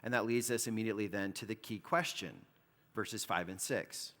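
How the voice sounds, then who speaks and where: Pastor preaching in an echoing hall. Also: male voice, fairly low pitch, moderate pace, a bit bright. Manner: conversational, explanatory preaching with frequent "like". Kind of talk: sermon. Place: church hall. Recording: long reverb of a church hall.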